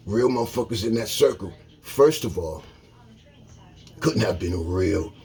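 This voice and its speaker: Husky man ranting bluntly to camera. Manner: blunt, emphatic, swings from loud to low. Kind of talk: profane street-talk rant to camera.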